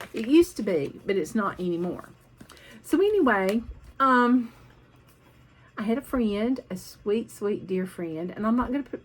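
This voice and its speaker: A woman's voice: medium pitch, slightly rough, poor audio. A woman vlogging about her cross-stitch projects in a chatty, rambling way, hopping from one topic to the next.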